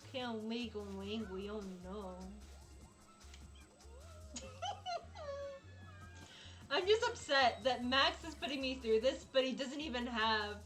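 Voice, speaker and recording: Slow-talking, dramatic woman streamer. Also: a little high, a bit bright. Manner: dramatic, exasperated, laughing often. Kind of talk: casual live-stream chat while gaming.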